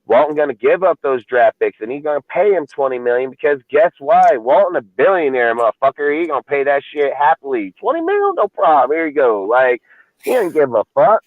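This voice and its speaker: A man's voice: a little high, expressive, a little fast, no echo. A man hosting a casual sports talk podcast, ranting and swearing constantly in a fired-up way. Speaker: podcast host. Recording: dry, phone-like lo-fi audio.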